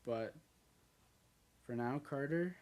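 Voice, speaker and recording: A man co-hosting a podcast, talking in a hesitant, soft-spoken way with many "like"s and "um"s. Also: medium pitch, slow. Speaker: podcast co-host. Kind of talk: casual chat.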